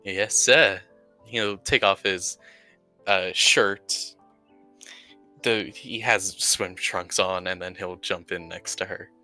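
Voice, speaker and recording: Low, bright-voiced man playing a tabletop game. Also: steady tone, soft background music. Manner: narrates his character's actions with filler pauses. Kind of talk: in-character tabletop role-play.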